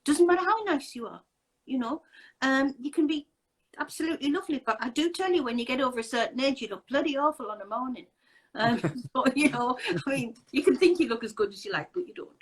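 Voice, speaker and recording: A woman hosts a casual video chat in a fairly high voice. She talks in a chatty, emphatic way and sounds fed up with what she is describing. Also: expressive, fast talker, husky, poor audio. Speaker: host.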